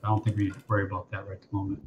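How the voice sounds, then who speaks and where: A man playing a tabletop game, thinking out loud and planning tactics in casual chat. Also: on the low side, monotone, rapid-fire, muffled recording, background noise. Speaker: player.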